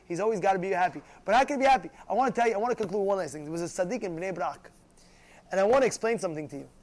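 A man teaching a religious class, animated, often acting out quarrels and asking if listeners follow. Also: high-pitched. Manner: animated, acts out shouting voices, asks "you know?" often. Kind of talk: Torah class sermon.

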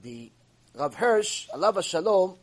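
A man teaching an animated Mussar lecture, repeating points and firing off rhetorical questions. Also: high-pitched, takes it slowly, rough recording. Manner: repetitive, acts out dialogue, rhetorical questions.

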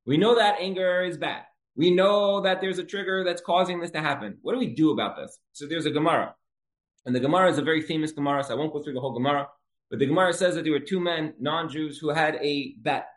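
A man's voice: fairly high pitch, fast. A man teaching a Torah lesson in a conversational storytelling style, repeating key phrases for emphasis. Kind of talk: religious lecture with storytelling.

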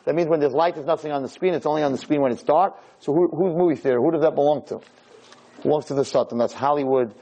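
In a room before a live audience, a rabbi delivers a Torah lecture, speaking emphatically, repeating his points, and swinging his pitch up and down. He talks fast with a warm tone, and the recording quality is low.

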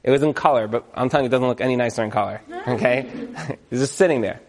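A man with a medium-pitched voice tells a story to an audience, talking fast. His lively storytelling is chatty and animated, full of fillers and repeated words.

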